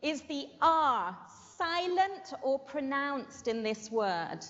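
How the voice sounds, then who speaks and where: A woman teaching an English vocabulary and pronunciation lesson, slowly stressing syllables and checking in with "okay?". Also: high-pitched, sing-song, fairly bright tone. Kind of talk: classroom language lesson. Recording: muffled with long hall reverb.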